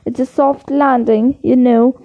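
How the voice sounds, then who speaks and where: A brave young schoolboy wizard who stays steady and plain-spoken, read aloud by a woman. The voice is high and slow, from a storybook reading on a dull, lo-fi recording. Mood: urgent.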